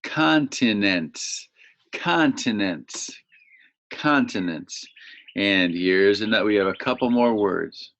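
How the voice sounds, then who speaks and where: A man's voice: on the low side, unhurried, fairly bright tone, no room sound. A man, teaching young children a vocabulary lesson and patiently repeating each word for them to say back. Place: home near birdsong. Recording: slightly dull, muffled audio.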